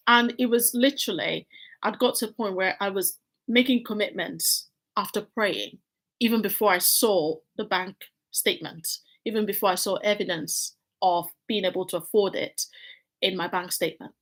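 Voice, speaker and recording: A middle-aged woman vlogging at home, telling her life story candidly and acting out quoted lines with big jumps in her voice. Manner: animated, frank, acts out quotes with big pitch jumps. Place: home with building works nearby.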